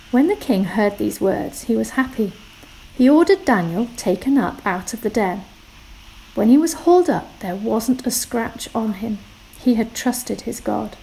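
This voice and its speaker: Woman, fairly high voice, expressive church scripture reading. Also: poor audio. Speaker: scripture reader. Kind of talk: Bible reading.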